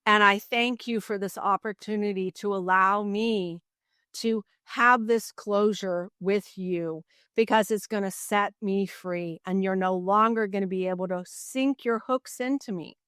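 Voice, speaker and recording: A middle-aged woman talks through a personal story as a podcast guest, earnest and animated, with a steady "you know" running through her speech. Her voice is smooth and resonant at a medium pitch. The recording is close and dry, with no room sound. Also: dry recording. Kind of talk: casual interview storytelling.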